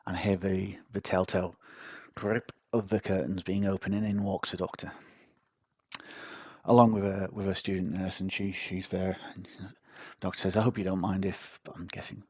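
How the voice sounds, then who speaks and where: A man's voice: low voice, little pitch movement, moderate pace, a little mellow, dry recording. A man hosting a podcast, telling a personal story in a casual, wry, self-mocking way. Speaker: podcast host.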